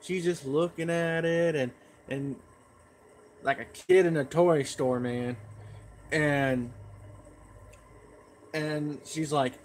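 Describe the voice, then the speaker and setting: A man's voice: a little high, fairly even intonation, slow, pauses often. A man chatting in a folksy, rambling way as a pipe tobacco vlogger. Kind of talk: casual rambling vlog.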